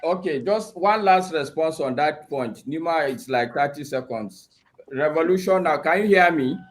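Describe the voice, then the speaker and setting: A man's voice: fairly high pitch, moderate pace. A man moderating a heated online debate, pressing people with challenging questions.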